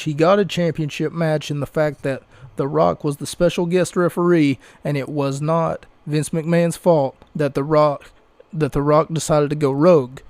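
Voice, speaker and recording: A man's voice: fairly high pitch, darkish tone, dry recording. A man hosting a podcast, recapping wrestling in a rambling, casual way with restarts and asides. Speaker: podcast host.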